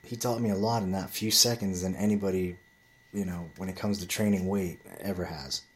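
A man's voice: low-pitched, fairly even intonation, fairly quick. A man giving a casual monologue about dating and gym lessons, rambling and swearing a lot as he tells stories. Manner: rambling storytelling with heavy swearing.

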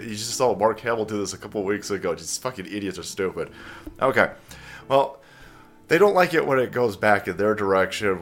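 A man's voice: medium pitch, fairly quick, fairly bright tone, soft background music. A man hosting his own vlog, ranting in a profane and sarcastic way. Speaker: vlogger.

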